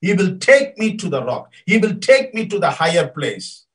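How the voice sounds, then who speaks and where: A man preaching a sermon, emphatic and rising to loud declarations. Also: high-pitched, big pitch swings, normal speed, distant mic, rough recording.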